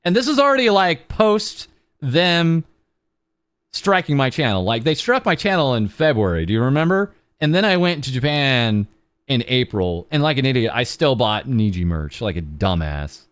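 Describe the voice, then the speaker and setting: Young guy vtuber rambling on stream, bouncy up-and-down voice, smooth and dry sounding. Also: medium pitch, very animated, normal speed, a bit bright, dry recording. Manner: rambling, self-mocking, with lots of ums and uhs. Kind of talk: casual charity livestream chat.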